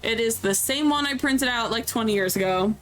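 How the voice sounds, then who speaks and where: A woman's voice: a little high, a little fast, a little hiss or hum, low-quality recording. A woman in her thirties chatting casually as a streamer while playing a video game, candid and talkative. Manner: chatty and candid, reacts aloud. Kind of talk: casual gameplay commentary.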